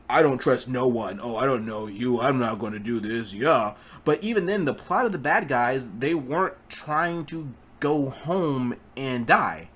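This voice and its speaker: A man's voice: fairly high pitch, fairly bright tone, husky. A man giving a casual spoken film review, rambling with stumbling restarts and blunt, profane remarks. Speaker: movie reviewer.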